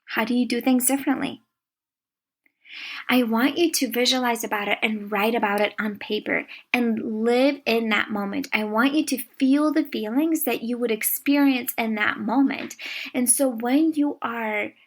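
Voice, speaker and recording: A young woman hosting a podcast, talking in a warm, encouraging, chatty way as a coach. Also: a little high, fairly even intonation, moderate pace. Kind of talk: podcast monologue.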